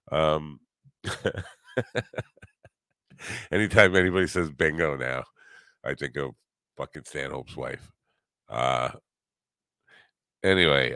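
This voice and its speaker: An older man hosting a podcast in casual, rambling chat, halting often and joking at his own expense. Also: sits low, fairly bright tone, no echo. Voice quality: rambling, halting, self-deprecating. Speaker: podcast host.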